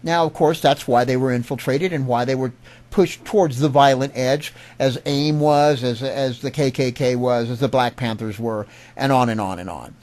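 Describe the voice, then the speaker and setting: A middle-aged political commentator with a medium-pitched, darkish voice rants angrily at a normal pace. He's indignant and emphatic, often restarting his words.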